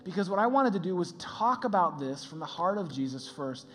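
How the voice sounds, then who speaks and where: A man preaching a sermon as a pastor in a lively, conversational way, laughing often. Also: high voice, fairly quick, slight background noise.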